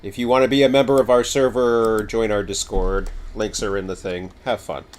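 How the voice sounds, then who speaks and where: A man on a game livestream talks loosely to his audience, wandering from topic to topic with self-deprecating humor. He speaks on the low side in a level tone at a moderate pace.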